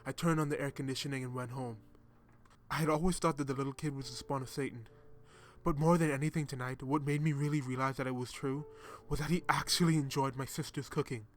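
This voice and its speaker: A man reads a scripted horror tale in a steady, dramatic way, at a middling pitch. Faint music plays softly underneath. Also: fast. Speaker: horror story narrator.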